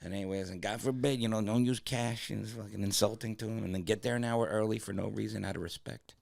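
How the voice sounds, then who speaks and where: A man co-hosting a comedy podcast, joking with heavy swearing and quick interjections. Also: lowish voice, steady tone, gravelly, darkish tone. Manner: profane, quick jokey interjections. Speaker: podcast co-host. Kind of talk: casual comedy chat.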